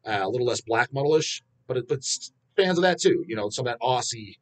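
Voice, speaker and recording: A man hosting a metal channel, ranting bluntly and with heavy swearing in casual talk to viewers, with frequent restarts and drawn-out fillers. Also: medium pitch, expressive. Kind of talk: casual rant answering viewer questions.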